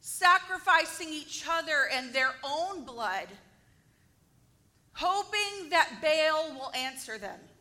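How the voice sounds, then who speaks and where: A woman's voice: high voice, slow. A woman teaching a Bible story to a group, acting it out dramatically and asking her listeners questions. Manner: animated, acts out the story and asks the audience questions.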